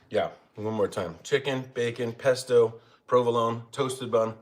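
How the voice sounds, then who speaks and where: Speaking at a measured pace in a medium pitch, the same home streamer rambles chattily while eating. He pokes fun at himself, recording on a phone.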